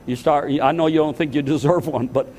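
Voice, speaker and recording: Older male preacher in his sixties, earnest and repetitive, slightly high pitched, telling a heartfelt testimony from the pulpit. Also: steady tone, a little fast, a little mellow, slight background noise. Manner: earnest, repetitive, emotional storytelling. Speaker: pastor. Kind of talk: testimony sermon.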